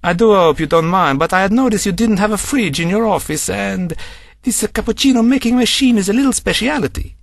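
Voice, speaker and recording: A man's voice: high voice, expressive, brisk, creaky, no echo, voice pushed up. A man voicing a polite, effusively apologetic male businessman. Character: apologetic, generous male businessman, Frank Bacini.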